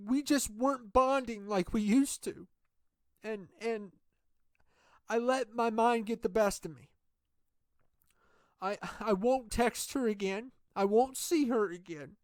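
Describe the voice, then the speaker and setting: A woman's voice: fairly high pitch, no echo. A woman voicing a sheepish married man caught cheating, in a wrestling game role-play, stammering and pleading.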